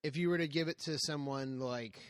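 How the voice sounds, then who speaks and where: A man's voice: a little high, brisk, dry recording. A man co-hosting a podcast, swearing freely while telling crude stories in casual banter. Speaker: podcast co-host.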